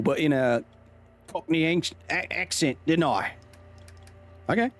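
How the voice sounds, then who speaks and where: A man's voice: a little high, animated, a little slow. A man in his thirties streaming a game to chat, joking, chuckling often and drifting into science explanations, recorded on a desk mic in a home room. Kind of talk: casual gaming commentary.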